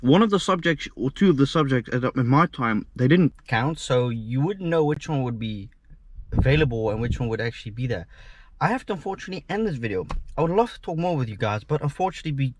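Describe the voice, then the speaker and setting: A man's voice: medium pitch, lively intonation, fast talker. A young man chatting casually to his camera from inside a car, rambling and swearing freely. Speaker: vlogger. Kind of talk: casual vlog chat. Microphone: GoPro camera.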